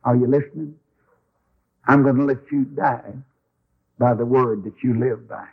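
A man voicing the Lord as a calm, plain-spoken male deity in a matter-of-fact, folksy way. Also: mid-range voice, measured pace, creaky, slightly rough, phone-quality sound. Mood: firm.

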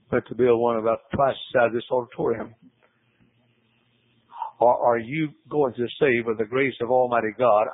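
A man preaching with a gravelly, husky voice, hammering points through repetition and pitching up hard on the words he stresses. The sermon comes through a tinny, phone-like radio broadcast with a dry, close sound. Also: no room sound. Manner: emphatic, repetitive, pitch climbing on key words.

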